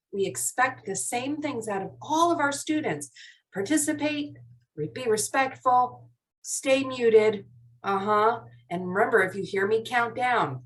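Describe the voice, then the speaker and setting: Woman teacher, cheerful sing-song delivery for little kids, slow and higher-pitched, video call audio a bit distant from the mic. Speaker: teacher of a young class. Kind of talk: live online lesson for young children. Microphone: video call computer mic.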